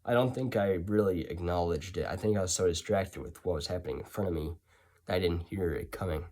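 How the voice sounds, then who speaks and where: A man's voice: deep voice, fast, a little mellow. A man telling a story in a casual, rambling way, full of sarcastic asides and self-corrections.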